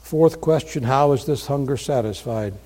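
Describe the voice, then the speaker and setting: Earnest preacher in a reverberant hall. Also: male voice, medium pitch, normal speed. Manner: earnest, swings from hushed to loud emphatic. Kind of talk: sermon.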